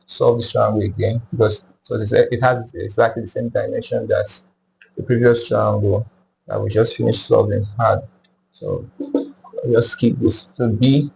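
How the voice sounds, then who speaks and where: A man slowly working through a math tutorial step by step, repeating each number aloud as he goes. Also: medium pitch, vocal fry, warm tone, a little hiss or hum, rough recording. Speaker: math teacher.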